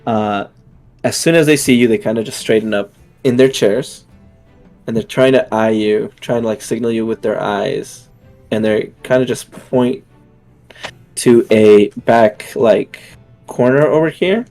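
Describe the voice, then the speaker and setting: A man's voice: lowish voice, measured pace, a little mellow, faint music behind. Young man narrating a tabletop game. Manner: hesitant, many fillers and restarts. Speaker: game master.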